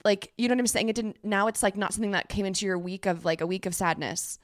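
A woman's voice: mid-range voice, steady tone, fast talker, no echo, clean studio sound. A young married woman hosting a podcast, talking in an effusive, filler-heavy way. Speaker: podcast host. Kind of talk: casual chat. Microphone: remote call.

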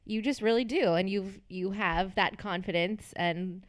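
A woman hosts a podcast in a relaxed, teasing chat and laughs often. Her voice sits in a middle pitch and is recorded dry and close, with no room echo. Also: a little slow. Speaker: podcast host. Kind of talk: casual chat.

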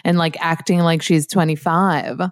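Woman, podcast host, casual chat, lowish pitch, dry recording. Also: steady tone, moderate pace, dry recording. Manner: enthusiastic, heavy use of "like".

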